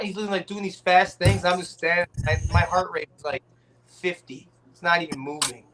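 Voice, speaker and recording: A man's voice: sits high, little pitch movement, a little fast, pushed and bright, slight background noise. A man telling a long story in casual podcast chat, rambling with restarts and swearing. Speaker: guest rapper telling a story.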